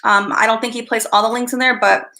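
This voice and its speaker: Woman streamer, giggly, scattered, talks to chat. Bright tone, some vocal fry. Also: on the high side, level tone, fast talker. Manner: giggly, easily distracted, greets chat by name. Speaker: live stream host. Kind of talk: casual live-stream chat.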